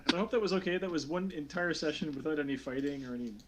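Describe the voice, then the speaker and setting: A man's voice: on the high side, very fast, fairly bright tone, slight background noise. Rambling man running a tabletop game. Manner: rambling, hesitant, lots of fillers and restarts. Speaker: game master.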